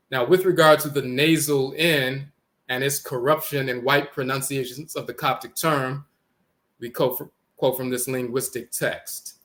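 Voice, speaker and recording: Bright-voiced man lecturing on word origins. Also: mid-range voice. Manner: repeats words slowly, spelling out sounds. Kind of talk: explanatory lecture.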